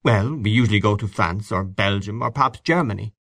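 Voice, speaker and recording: Man reading awkward defensive male teacher, hesitant replies, lowish voice, storybook. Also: a little fast, fairly bright tone, dry recording.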